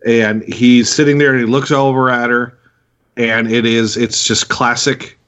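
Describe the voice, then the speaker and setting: A man co-hosting a podcast, talking in a halting, casual way with frequent restarts. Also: mid-range voice, flat delivery, fairly bright tone. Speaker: podcast co-host.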